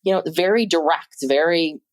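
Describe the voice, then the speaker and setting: A woman's voice: deep voice, normal speed. A woman from California co-hosting a podcast, chatting casually and expressively, often laughing. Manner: lively and expressive, laughs easily. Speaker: podcast co-host.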